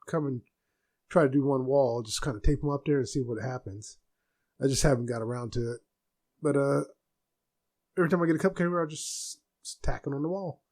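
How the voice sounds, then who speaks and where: Soft-spoken man, slightly high voice. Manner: soft-spoken, rambling with restarts. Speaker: podcast host. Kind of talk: casual solo chat.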